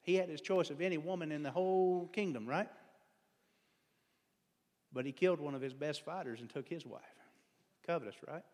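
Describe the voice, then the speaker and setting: A man's voice: a little high, moderate pace, long pauses, darkish tone. Folksy man preaching in an echoing hall. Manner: conversational, digressive, self-deprecating humor. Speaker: lay preacher. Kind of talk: folksy sermon. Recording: long hall reverb.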